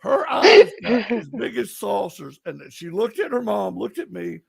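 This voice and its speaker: A man telling paranormal investigation stories, animated and laughing, in casual chat. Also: high voice, unhurried, gravelly. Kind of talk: casual storytelling on a live stream.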